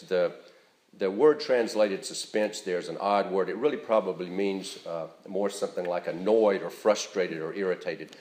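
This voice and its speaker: A pastor delivering a Sunday sermon in a fairly low male voice, earnest and measured. He leans on key words to drive the point home. The sound carries the roomy echo of a church sanctuary. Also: darkish tone.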